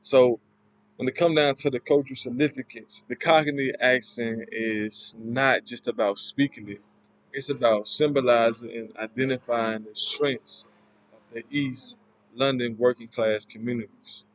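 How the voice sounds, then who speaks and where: A man giving an informal class presentation, explaining in a halting, loosely worded way. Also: mid-range voice, steady tone, dry recording, low-quality recording. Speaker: student presenter.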